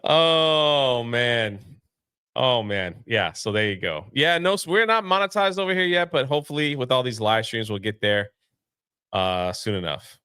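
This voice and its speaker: A man's voice: medium pitch, big pitch swings, normal speed, pushed and bright, clear, resonant tone, no room sound, studio quality. A man co-hosting a casual movie review chat, talking in a rambling, laid-back way with many fillers. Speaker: co-host of a movie review show.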